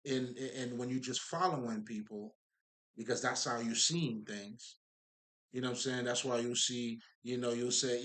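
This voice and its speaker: A man's voice: medium pitch, steady tone, normal speed, a bit bright. A man giving a casual spiritual monologue, emphatic and profane, rambling with many fillers and asides to his listeners. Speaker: spiritual talker.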